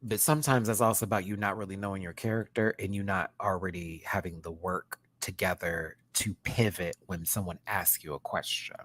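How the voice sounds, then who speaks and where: A man hosting a live-stream show review, talking in a sassy, animated way and laughing often. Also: low voice, a little fast, hardly any pauses, dry recording. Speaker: drag show reviewer and channel host.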